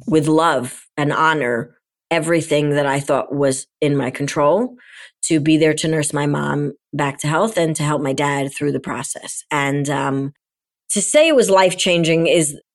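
Middle-aged woman, deep low voice, candid feisty storyteller, podcast guest. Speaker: podcast guest, performance coach. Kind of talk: personal storytelling in conversation.

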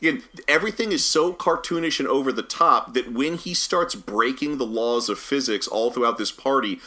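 A man's voice: medium pitch, normal speed, sharp tone. A man in casual conversation on a podcast, recapping a movie's plot in a rambling way and laughing as he goes. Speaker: podcast co-host. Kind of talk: casual film review chat.

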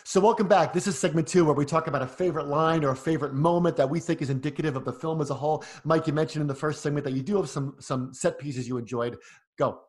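A man co-hosting a casual film podcast, talking fast and picking the movie apart point by point. His voice sits a little high for a man, and he rattles through his argument with a sceptical edge. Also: darkish tone. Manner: quick, argumentative, critical. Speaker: podcast co-host.

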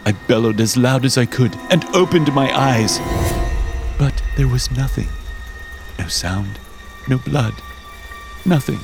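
A man narrating a first-person horror story in a dramatic, expressive way. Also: mid-range voice, slow, gravelly, long pauses. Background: music.

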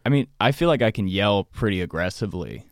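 A man's voice: fairly low pitch, lively intonation, fast, dry recording. A man, a comedian guest, telling stories loosely and profanely on a podcast in a studio. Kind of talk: casual podcast chat.

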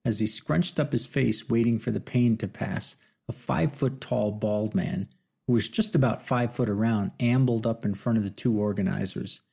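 A man narrating an audiobook novel with steady, measured storytelling. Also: on the low side, gravelly, breathy edge. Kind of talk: scripted narration.

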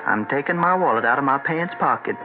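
A man's voice: medium pitch, animated, fast, over music, close to an everyday voice. An actor playing a slick western con man who talks in a florid, theatrical way, in 1940s radio acting. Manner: theatrical, florid, smooth-talking. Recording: tinny old radio broadcast.

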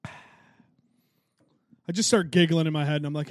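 A man's voice: on the high side, takes it slowly, long pauses, no echo, studio quality. A young man hosting a casual solo podcast, telling stories in a joking, profane, self-mocking way. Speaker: podcast host.

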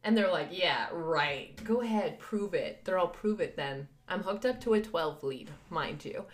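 A young woman co-hosting a podcast, telling a story in a lively way with lots of laughter and acted-out voices. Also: fairly low pitch, a little slow. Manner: animated, laughing, acts out voices of others. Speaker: podcast co-host. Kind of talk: casual storytelling chat. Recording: echoey room.

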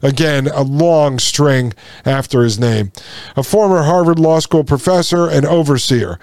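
A man hosting a commentary show, talking to listeners with indignation and repeating his points. He slows down and drops low for emphasis. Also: a little mellow, no room sound. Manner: indignant, repeats lines, addresses listeners as folks. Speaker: podcast host. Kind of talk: impassioned commentary.

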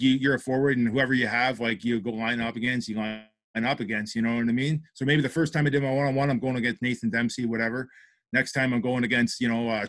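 A man's voice: mid-range voice, no room sound. A man, a podcast guest and former hockey player, animatedly telling stories and acting out quotes. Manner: animated storyteller, acts out quotes, many fillers. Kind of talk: casual chat.

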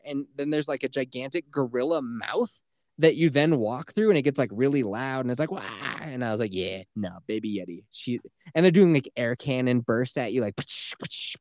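Podcast host, man, thirties, casual swearing raconteur, lively pitch, dry close recording. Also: fairly quick, no echo. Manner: animated storytelling, swearing, acting out quotes. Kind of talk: casual chat.

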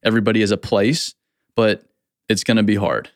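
A man's voice: lowish voice, flat delivery, fairly quick, dry recording. Man, company founder, casual podcast, blunt, repeats himself, dry close sound.

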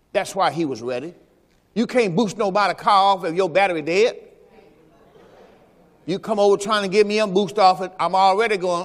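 Within a large church hall on Sunday, a male pastor with a high, fairly bright voice preaches folksily, weaving scripture quotes between rhetorical questions.

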